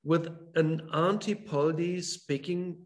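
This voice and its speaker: A German man speaks English as a guest author, his voice sitting a little high for a man. He talks hesitantly, stopping and restarting with many fillers. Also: fairly even intonation, takes it slowly. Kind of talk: online talk.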